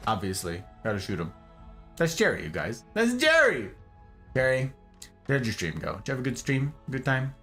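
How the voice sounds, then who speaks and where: A man streaming a game and chatting with his viewers in a playful, animated way. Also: on the low side, fairly quick, soft background music. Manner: playful, animated, given to jokes. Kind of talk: casual live-stream chat.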